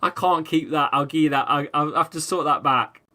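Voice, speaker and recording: A man's voice: on the high side, a little fast. A man hosting a live football watchalong stream, ranting at the match, swearing and reading out viewers' chat. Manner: excitable, swears freely, rants at the match; reads out viewers' chat messages.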